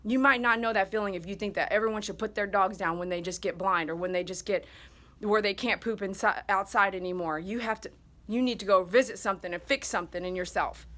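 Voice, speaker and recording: A woman's voice: medium pitch, fast, a bit bright. A woman dog groomer speaking to her viewers in a casual vlog monologue, emphatic and heartfelt.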